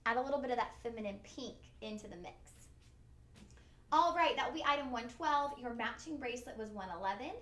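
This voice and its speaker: A woman's voice: on the high side, animated, brisk, fairly bright tone. A woman hosting a live shopping stream, chatty, upbeat and a bit goofy. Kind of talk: live-stream jewelry selling. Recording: echoey studio room.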